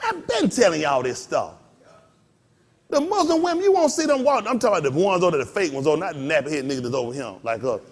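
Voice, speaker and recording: A man preaching a sermon as pastor in a folksy, animated way, slipping into mock voices and laughing along with the congregation. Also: on the high side, fast talker.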